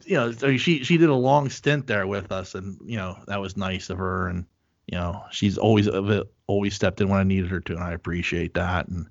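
A man's voice: deep voice, fairly even intonation, normal speed, vocal fry, no echo, lo-fi sound. A middle-aged man hosting a podcast, chatting casually with lots of fillers and swearing. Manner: rambling, profane, lots of fillers. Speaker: podcast host. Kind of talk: casual chat.

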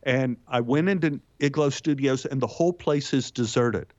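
Lively storytelling man, dull dry sound. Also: moderate pace, no room sound. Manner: lively raconteur, jumps pitch for punchlines and quotes. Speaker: actor and storyteller guest. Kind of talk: anecdotal storytelling.

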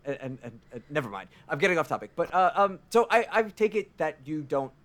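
A man's voice: on the high side, very animated, a little fast, fairly bright tone. A man playing a tabletop role-play game, talking hesitantly with many restarts. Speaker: player.

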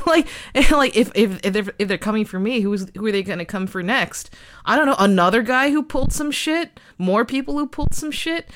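A woman's voice: a little high, a bit bright. A woman in casual political chat, thinking aloud with restarts, wry and swearing casually.

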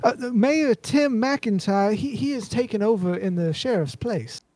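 A man voicing a nervous rural innkeeper woman with a Southern drawl, talking in a hushed, confiding way. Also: high-pitched, normal speed, no room sound, studio quality. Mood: uneasy.

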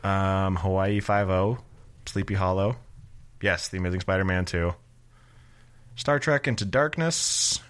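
A man's voice: low-pitched, measured pace, pauses often, a bit bright. A man co-hosting a casual movie podcast, joking and teasing his co-host.

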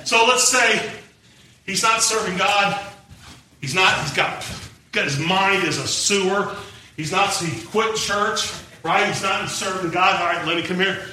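High, bright-voiced shouting preacher. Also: male voice, a little slow. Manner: emphatic, rises to shouting, talks with the congregation. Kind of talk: sermon with live demonstration. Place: church sanctuary. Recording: echoey church from a distant mic, faint noise.

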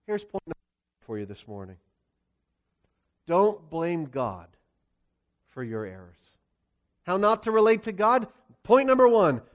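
A male pastor preaching a sermon with a Pennsylvania accent, telling the story expressively and asking the congregation rhetorical questions. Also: sits high.

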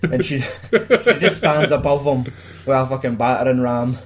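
A man's voice: mid-range voice, animated, moderate pace. A Scottish man casually retelling a film plot, swearing a lot and acting out the characters' lines.

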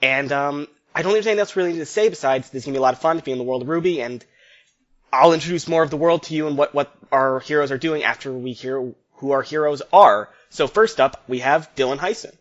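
A man hosting a tabletop game podcast as game master, talking in a relaxed, rambling way and laughing often. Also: a little high, quick pace. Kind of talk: casual podcast chat. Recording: dull lo-fi audio.

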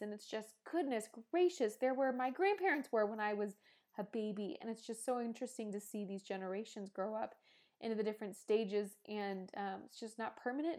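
A woman's voice: mid-range voice, darkish tone. A woman in her thirties hosting a podcast, answering listener questions in an earnest, rambling and emotional way. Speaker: podcast host. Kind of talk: casual listener Q&A monologue.

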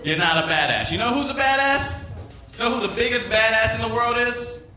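A man's voice: very high voice, lively intonation, brisk, pushed and bright. A man doing a rambling, profane stand-up set, teasing the crowd on a club stage. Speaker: stand-up comedian. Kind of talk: open-mic stand-up set. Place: comedy club stage with live audience. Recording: echoey room, voice a bit far from mic.

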